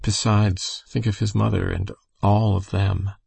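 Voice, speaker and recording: A man voicing a gentle, tender-hearted young girl who speaks softly and impulsively. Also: on the low side, flat delivery, creaky, husky, no room sound, exaggerated voice. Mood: impetuous. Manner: soft and gentle, then rushing.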